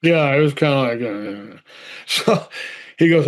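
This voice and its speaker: A middle-aged man from Boston, an actor telling a story in an interview, acting out both sides of phone calls and stammering when excited. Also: medium pitch, measured pace. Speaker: actor guest.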